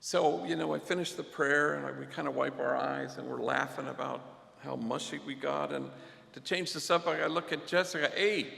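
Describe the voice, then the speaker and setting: A man giving an unhurried, reflective storytelling speech at a luncheon, dropping in Spanish slang. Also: on the high side, steady tone, vocal fry, sharp tone. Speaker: guest speaker at a luncheon. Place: event hall. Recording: echoey hall with long reverb.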